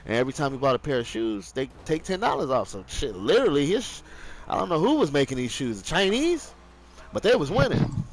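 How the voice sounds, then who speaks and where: A man's voice: a little high, very animated, brisk, a little hiss or hum, rough recording. A young man streaming live, telling a rambling story in casual, profane slang.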